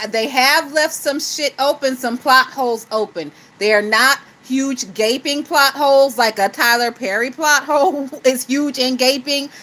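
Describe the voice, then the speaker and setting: Woman ranting about a tv show, cussing a lot, bright voice pitched a bit high. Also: poor audio. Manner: profane, blunt and animated, laughs often. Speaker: YouTube gossip host. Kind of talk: casual TV show recap chat.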